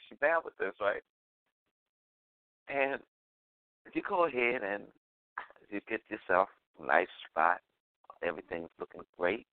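Low gravelly guy cohosting a talk show, chuckles a lot, repeats himself, sounds like a phone call. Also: no echo. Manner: loose, chuckling, repeats phrases. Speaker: co-host. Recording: dry tinny phone line.

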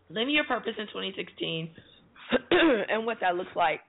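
A woman's voice: mid-range voice, a little slow, creaky, breathy edge. Chatty woman storyteller on a tinny line. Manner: chatty storytelling, animated retellings. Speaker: radio talk show co-host. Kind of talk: casual chat.

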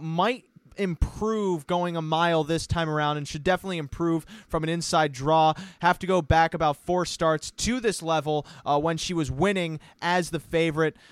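A man's voice: fairly high pitch, smooth, no room sound. A man hosting a horse racing podcast, breaking down picks with joking, self-mocking asides. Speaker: podcast host. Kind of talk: horse racing handicapping talk.

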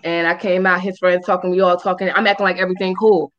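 A woman co-hosting a podcast talks fast, though the audio sounds dull. She's animated and profane in casual chat, telling a story and acting out people's words in high squeals.

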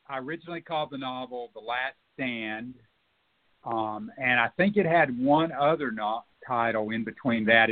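A man, a novelist being interviewed, talking reflectively and haltingly with many fillers and restarts. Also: mid-range voice. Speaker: novelist guest. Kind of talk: radio interview conversation. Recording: phone-like narrow band.

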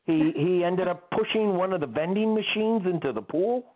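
An older man, a guest musician, telling tour stories in an interview in an animated, laughing way. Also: high voice, normal speed. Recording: tinny phone-like line.

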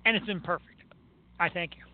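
A man with a Philadelphia accent, hosting a radio show in casual, excitable, rambling chat. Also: sits high, a little fast, narrow, tinny audio. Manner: excitable, rambling, laughs often.

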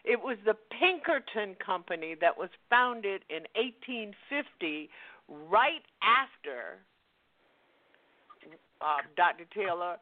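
A man with a high voice hosts a talk-radio show, sounding thin and phone-like. He chimes in with agreement and turns to address his guest directly. His voice is dry and close, with no room echo. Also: big pitch swings, slow pace. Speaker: host.

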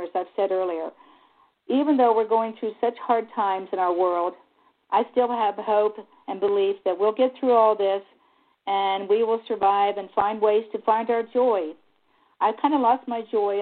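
A woman guest on a talk radio interview, speaking in an earnest, heartfelt and openly emotional way. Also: medium pitch. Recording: tinny phone line.

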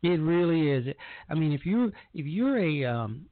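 A man's voice: fairly high pitch, sing-song, a little slow, no room sound. A man hosting a casual monologue broadcast, rambling and often repeating himself as he restarts his sentences. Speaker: broadcast host. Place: lives in Georgia. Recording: tinny phone-like line, dry.

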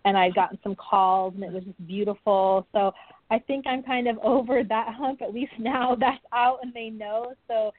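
A woman's voice: fairly high pitch, fairly even intonation, moderate pace, no echo. A woman being interviewed over the phone, candid and earnest as she talks through a personal story. The line is thin and tinny, with a dry, close sound. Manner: earnest, open, warm-hearted storytelling. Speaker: podcast guest, author.

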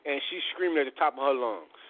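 A man's voice: mid-range voice, fast talker. A man hosting a radio show, delivering a heated, profane rant and repeating "man" over and over. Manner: profane, heated, repetitive, says "man" constantly. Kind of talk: angry rant. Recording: phone-like radio audio.

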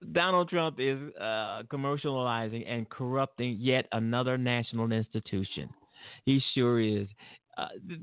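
A show host from Illinois, USA, rambles through indignant political commentary on his own show, laughing and restarting as he goes. His medium-pitched voice has no echo, but the recording sounds dry and tinny, like a phone.

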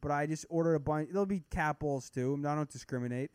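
A man's voice: on the high side, quick pace, a little mellow, clear, resonant tone, no room sound. A young man co-hosting a podcast, ranting casually and profanely in a brash, boastful way. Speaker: podcast co-host.

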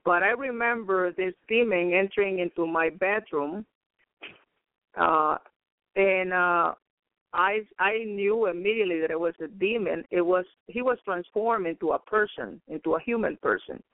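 A high-pitched man gives a rambling radio sermon and returns again and again to praise and to his brothers and sisters. The sound is dry and narrow, like a phone call. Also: moderate pace, no room sound. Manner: rambling, peppered with praise interjections. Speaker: radio preacher. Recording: tinny phone-like radio line.

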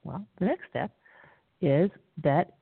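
Gravelly woman host on a tinny phone line. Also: on the low side, no echo. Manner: measured lecturing with frequent pauses and fillers. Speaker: radio show host. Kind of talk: talk radio monologue.

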